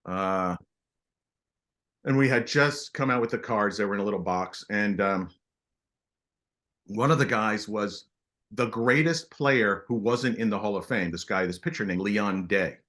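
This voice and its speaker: A middle-aged man telling stories as a guest in a casual interview, animated and halting with frequent restarts. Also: lowish voice. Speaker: guest artist.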